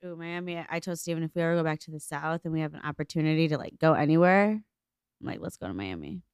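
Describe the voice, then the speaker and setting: A young woman chats on a casual podcast, telling a story and acting out the quotes with sudden high jumps. Her voice sits a little low and smooth. The sound is dry and close. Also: fast talker, no echo. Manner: animated storyteller, acts out quotes with big pitch jumps, swears freely. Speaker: podcast co-host. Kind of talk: casual chat.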